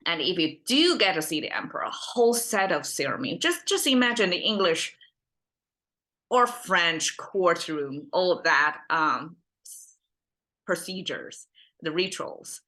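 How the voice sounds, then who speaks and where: Woman explaining words, lowish voice but bright and forceful, lots of ums and rights. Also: expressive, measured pace. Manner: thinks aloud with many ums and rights. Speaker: Chinese language teacher. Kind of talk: casual explanatory lesson.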